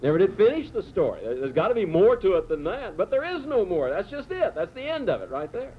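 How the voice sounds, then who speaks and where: A man preaching a sermon, telling the story dramatically with slow, emphatic phrases. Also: high-pitched, sing-song. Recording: tinny phone-like sound with faint noise.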